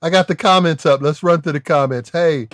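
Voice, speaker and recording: A man hosting a live comedy stream, telling stories in animated, casual banter with quick laughs. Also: a little high, dry recording, studio quality.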